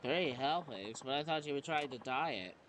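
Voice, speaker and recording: A man's voice: medium pitch, lively intonation, moderate pace, slight background noise, lightly acted. A man reading a game aloud, voicing a polite, timid teenage girl who apologizes and hesitates. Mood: puzzled. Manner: apologetic, soft-spoken, hesitant.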